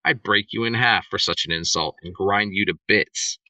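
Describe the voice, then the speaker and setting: A man's voice: on the low side, normal speed, pushed and bright, dry recording, recorded from a distance, low-quality recording. A man reading the lines of a small, boastful male servant defending his master. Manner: blustering boasts.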